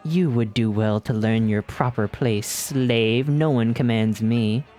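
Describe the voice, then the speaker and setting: A man voicing an imperious ancient female demon queen, slow and commanding. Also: mid-range voice, a little mellow, faint music behind, pitched below the performer's own voice, close to an everyday voice.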